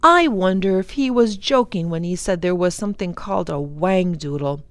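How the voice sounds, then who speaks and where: A woman's voice: on the low side, lively intonation, normal speed, no echo. A woman voicing a responsible thirteen-year-old boy in a storybook, earnest and a bit exasperated.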